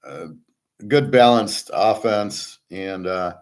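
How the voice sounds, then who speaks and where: A man's voice: lowish voice, slow pace. Blunt, profane middle-aged man. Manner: blunt, profane, rambling with many fillers. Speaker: sports betting host. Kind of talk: casual monologue.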